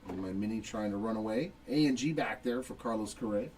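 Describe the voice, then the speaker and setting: A middle-aged man hosting a live card break speaks fairly quickly in a lowish voice, joking casually and calling out every card as it's pulled. His voice comes from a distant mic, somewhat off-axis, with faint background noise.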